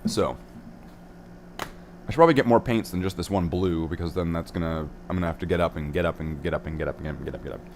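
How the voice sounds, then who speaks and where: A young man with a lowish voice rambles through a relaxed hobby stream, playful and a little scattered. He keeps things loose and silly as he paints. A faint hum of room noise sits behind him. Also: fast talker. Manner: goofy and playful, sings nonsense and repeats words. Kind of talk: rambling casual livestream chat.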